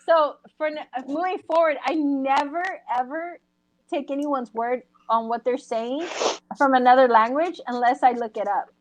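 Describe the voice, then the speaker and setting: A woman co-hosting a casual podcast chat, telling an animated story and acting out the voices of the people in it. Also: high-pitched, normal speed, no echo. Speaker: podcast co-host.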